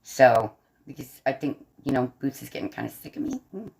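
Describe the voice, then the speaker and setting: In a very deep, husky, slightly mellow voice with a sing-song lilt, this woman talks briskly to her livestream audience. She has a faint Southern American accent, colors while propped up in bed, laughs often, and answers the chat.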